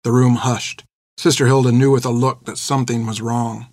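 A man reading a story aloud in a steady, measured narrating voice. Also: medium pitch, no echo, studio quality. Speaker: audiobook narrator. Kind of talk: scripted narration.

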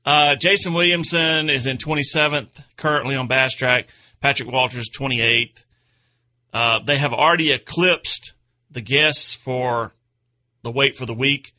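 A man's voice: mid-range voice, steady tone, a little slow, pushed and bright. A man hosting an outdoors radio show, chatting in a rambling, folksy way and chuckling at his own stories. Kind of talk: casual radio chat.

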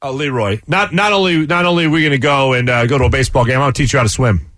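A man hosting a talk radio show, playful and quick to laugh. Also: medium pitch, no echo. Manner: lively, playful, laughs often. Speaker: radio host.

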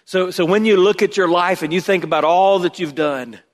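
A man pastor preaching a sermon, swinging from loud emphatic bursts to hushed low asides. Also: moderate pace. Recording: long hall reverb.

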